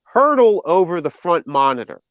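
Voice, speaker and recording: A man's voice: a little high, very animated, normal speed, dry recording, dull audio. A man, a guest musician, telling casual stories from touring in a rambling way with many fillers and restarts. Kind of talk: casual storytelling.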